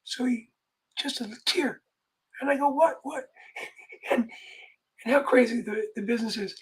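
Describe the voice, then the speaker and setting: A man's voice: very high voice, measured pace, a bit bright, rough recording. Rambling storytelling man. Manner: rambling, many restarts and quoted voices. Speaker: music manager telling a story. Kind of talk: casual anecdote on a podcast.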